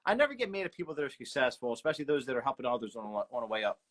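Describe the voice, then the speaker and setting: A man's voice: mid-range voice, big pitch swings, a bit bright. A man, hosting a casual interview and reading out viewer questions in an agreeable, chatty way. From South Philadelphia. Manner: chatty, agreeable, quick to chime in. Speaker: host.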